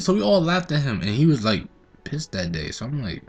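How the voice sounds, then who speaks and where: A teenage boy hosting his own gaming video, chatting casually and telling animated stories while he plays. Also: medium pitch, brisk, breathy edge, faint music behind. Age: teens. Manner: rambling, animated storytelling. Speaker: gaming channel host. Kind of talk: casual gameplay commentary.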